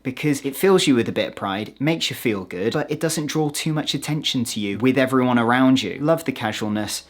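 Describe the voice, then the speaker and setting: A man's voice: mid-range voice, brisk, hardly any pauses. A man with a British accent, talking casually to camera in a chatty, self-mocking way with joking asides. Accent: British English. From United Kingdom. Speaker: vlogger.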